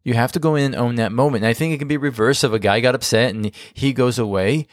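A man co-hosting a marriage podcast, giving casual advice in an animated, emphatic way and often restarting his sentences. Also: mid-range voice, fast talker, dry recording, studio quality.

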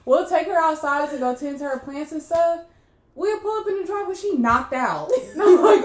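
A young woman co-hosting a podcast, chatting casually and acting out quoted lines with loud, laughing bursts. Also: high voice, fairly quick. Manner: animated storyteller, acts out quotes loudly with laughter. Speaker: podcast co-host. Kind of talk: casual chat. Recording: echoey room with faint background noise.

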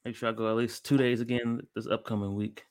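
A man's voice: medium pitch, level tone, fast, clear, resonant tone. A man chatting casually and telling stories, often imitating people in a raised voice and laughing. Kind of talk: casual chat.

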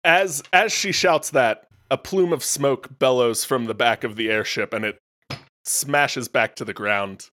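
A man narrating as game master in a tabletop game, with halting delivery and frequent restarts. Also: mid-range voice, bright, forceful tone.

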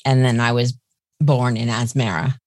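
A woman's voice: very deep voice, flat delivery, moderate pace, a little mellow, no room sound, studio quality. A woman in her fifties with a New York accent, a guest telling her life story in a candid, chatty way. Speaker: interview guest. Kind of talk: casual interview chat.

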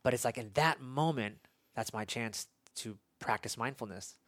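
A man in his thirties hosts the conversation, talking in an earnest, rambling way with frequent restarts. His voice sits at a middle pitch. The sound is dry, with no room echo. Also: normal speed, a bit bright. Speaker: podcast host and father. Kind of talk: conversational interview.

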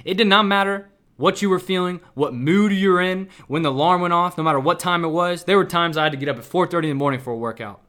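Bright-voiced emphatic young man podcaster. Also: sits high, fast, hardly any pauses. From Kansas City, Missouri. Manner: emphatic and repetitive, with frequent "right?". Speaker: podcast host. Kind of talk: motivational solo podcast.

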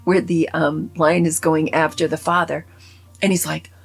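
Gravelly, husky-voiced woman reviewing a film. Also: low voice, normal speed. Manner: animated, opinionated, rambling with many asides. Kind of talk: casual spoken movie review.

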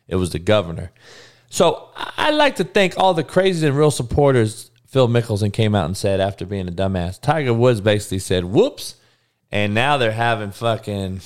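A young man hosting a live sports podcast, talking bluntly and rambling, with lots of swearing. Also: on the low side. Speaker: podcast host.

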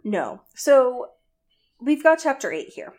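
A woman's voice: high voice, big pitch swings, slow pace, a little mellow. A young woman co-hosting a podcast, recapping a book in a casual, sarcastic way with lots of "um" and "like" and some swearing. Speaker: podcast co-host.

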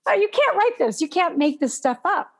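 A woman telling a personal story in casual conversation, animated and acting out gasps as she goes. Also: very high-pitched, moderate pace. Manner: animated, acts out gasps and panicked breathing.

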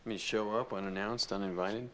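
A man's voice: on the low side, fairly even intonation, fairly quick, lightly acted. An actor playing a grown man who confronts his estranged mother in a TV drama, sarcastic and bitter. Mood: curt. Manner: sarcastic, rising to shouting. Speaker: grandson caring for his grandmother. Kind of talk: TV drama acting.

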